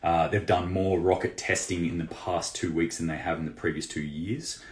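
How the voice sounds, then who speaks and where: Male host, casual news commentary; deep voice, chatty with restarts, roomy sound. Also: flat delivery, moderate pace. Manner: loose and conversational, many fillers and restarts. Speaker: prepping channel host. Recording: roomy echo.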